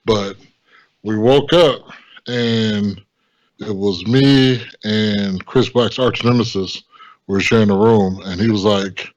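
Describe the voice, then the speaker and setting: Man, podcast co-host, halting casual chat, low pitch, dull lo-fi audio. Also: fairly even intonation. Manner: halting, with many fillers and pauses.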